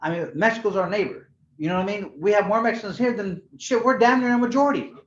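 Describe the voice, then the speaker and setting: A man's voice: high voice, fast. A man of sixty, a former boxing champion from California, telling stories in a rambling, talkative way, repeating words and slipping in Spanish slang. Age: 60s. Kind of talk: casual storytelling interview. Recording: echoey room, dull lo-fi sound.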